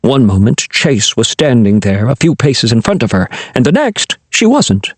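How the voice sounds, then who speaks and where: Expressive man narrating a storybook. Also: medium pitch, moderate pace, no echo. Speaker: audiobook narrator. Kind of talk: scripted narration of a children's fantasy novel.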